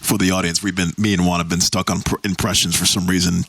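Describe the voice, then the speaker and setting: Deep, bright-toned young man, dry sound. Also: breathy edge, no room sound. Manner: relaxed, wry, quick to laugh. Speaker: podcast co-host. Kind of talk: casual podcast chat.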